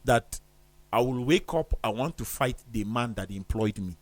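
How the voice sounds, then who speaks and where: A man's voice: medium pitch, lively intonation, normal speed, a little mellow, dry recording. A man talking on a studio discussion show in an emphatic, preacherly way, firing off rhetorical questions.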